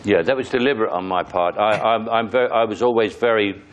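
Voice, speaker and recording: A man's voice: on the low side, fairly quick, lo-fi sound, slight background noise. An older man with a London accent, a guest talking bluntly in an interview and laughing as he goes. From England. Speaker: actor guest. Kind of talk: casual interview.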